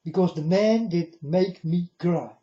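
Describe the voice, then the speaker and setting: High-voiced man, slow solemn warnings. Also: dark tone. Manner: solemn, warning tone, repeatedly addresses "folks". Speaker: video blogger. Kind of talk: monologue to camera. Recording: dull lo-fi recording.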